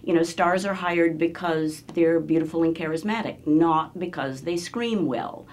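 A woman's voice: sits low, unhurried, a little hiss or hum. A woman who works as a voice-over artist, talking in a casual interview and slipping into playful voices. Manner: lively, shifting into playful voices.

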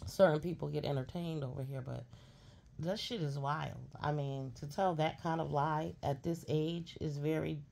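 A woman's voice: low-pitched, fairly even intonation, moderate pace, creaky, a little mellow. A woman delivering a blunt, sassy, profane rant as a commentary streamer, scolding her subject.

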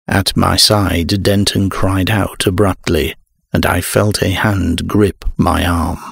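Deep, gravelly male horror narrator. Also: level tone, a bit bright, no room sound, studio quality. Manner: measured, dramatic first-person telling. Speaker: audiobook narrator.

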